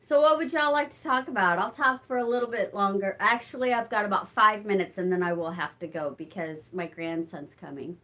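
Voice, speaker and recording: An older woman vlogger talks casually on a live stream from her home, moving between rooms as she does chores and reads out viewer comments. Her mid-range voice runs a little fast with hardly any pauses, and she sounds winded from walking. She's chatty, warm toward her cats, and answers what viewers write.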